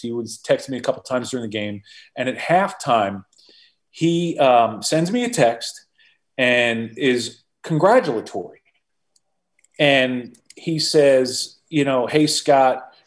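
Man, podcast guest, mid pitch, animated storytelling, frequent restarts, conversational. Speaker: podcast guest, former football executive.

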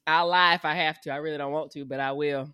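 A woman's voice: low-pitched, steady tone, fast, pushed and bright, clean tone, dry recording, studio quality. A woman, co-hosting a podcast in frank, profane casual chat. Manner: frank, profane, laughing often. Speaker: podcast co-host.

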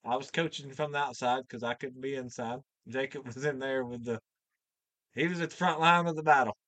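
A man with a bright, forceful voice tells a folksy, cussing shop story in easy conversation. The sound is dry and close to the mic. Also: medium pitch, steady tone, brisk, dry recording. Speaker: mechanic guest. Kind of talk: casual storytelling chat.

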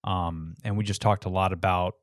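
A man's voice: deep voice, fairly even intonation, moderate pace, no echo, studio quality. Laid-back swearing male podcast host. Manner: laid-back, swears freely, many fillers. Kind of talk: casual podcast chat.

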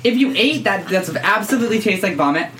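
A woman's voice: medium pitch, lively intonation, fairly quick, distant mic. A woman, a guest in casual chat, wry and skeptical. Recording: echoey room from off mic with loud hiss.

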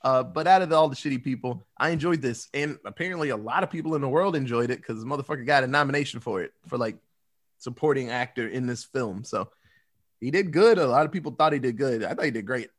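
A man in casual movie review chat, profane and animated, acting out scenes as he talks. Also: medium pitch, fast talker.

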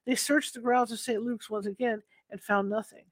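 A man reading ghost stories aloud at a steady pace, now and then stumbling and correcting himself. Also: very high-pitched, normal speed, no room sound, low-quality recording. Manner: steady reading with occasional slips and self-corrections. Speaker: storyteller.

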